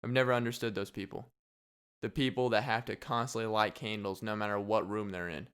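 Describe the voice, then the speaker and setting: A man's voice: lowish voice, fairly even intonation, fairly quick, a bit bright, clear, resonant tone. A young man hosting a casual solo podcast, rambling and joking with frequent laughs. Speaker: podcast host.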